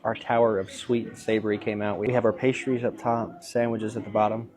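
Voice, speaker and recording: An American man narrates a food tasting in a calm, measured way. His voice sits a little low. He describes each dish steadily as he goes. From United States. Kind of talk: food review vlog narration.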